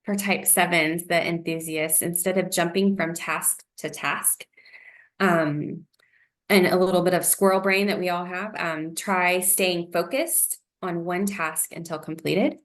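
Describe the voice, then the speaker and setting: A woman with a somewhat low voice leads a wellness lesson. She speaks in a gentle, encouraging way, often pausing on an "um" before going on. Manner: gentle, encouraging, uses fillers like um. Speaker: presenter.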